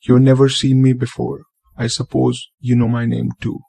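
Man doing a flustered young Indian man, Indian accent, gravelly, dark tone, storybook reading. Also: mid-range voice, monotone, normal speed, no echo, pitched below the performer's own voice. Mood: startled. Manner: startled and stammering, a bit resentful.

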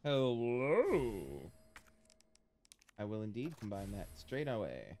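Lively-voiced man streaming a horror game. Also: medium pitch, normal speed, a little hiss or hum. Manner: chatty, talks to himself while playing. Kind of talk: casual let's-play commentary.

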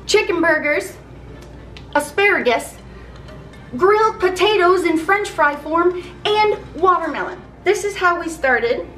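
A woman hosting a casual cooking vlog, bubbly and excited, talking in quick bursts. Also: very high-pitched. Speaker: vlog host. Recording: echoey room with faint music.

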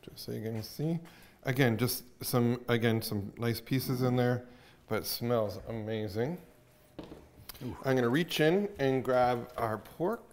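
A man's voice: medium pitch, a little slow. A man hosting a casual cooking show, chatting upbeat while he cooks in a kitchen.

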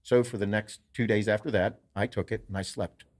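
A man hosting a podcast, telling a story in casual, profane, animated chat. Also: lowish voice, a little fast. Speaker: podcast host.

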